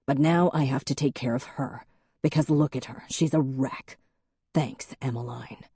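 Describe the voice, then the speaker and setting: A man's voice: mid-range voice, steady tone, normal speed, warm tone, breathy edge, dry recording, studio quality. A woman reading an audiobook, voicing a blunt young man who speaks in cold, clipped anger.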